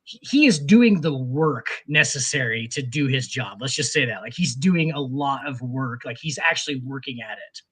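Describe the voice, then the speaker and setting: A man's voice: medium pitch, animated, normal speed, few pauses, a bit bright, breathy edge. A man co-hosting a sports podcast, telling stories in a rambling, profane, casual way. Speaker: podcast co-host.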